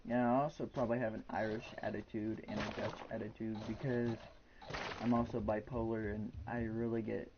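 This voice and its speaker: A man's voice: lowish voice, level tone, brisk, lo-fi sound, noisy background. A man in his twenties chatting casually and frankly from his bedroom during a live game stream. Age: 20s. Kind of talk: casual rambling chat.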